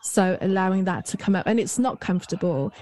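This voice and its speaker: A woman's voice: on the low side, lively intonation, brisk, a little mellow. A woman hosting a podcast interview, asking questions and sharing her own experience in a reflective, casual way. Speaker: podcast host.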